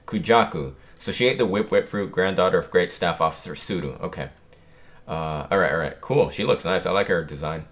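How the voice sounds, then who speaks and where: A man hosting a casual manga chapter reaction, reading the panels aloud and reacting with lively excitement. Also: deep voice, a little fast. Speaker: channel host.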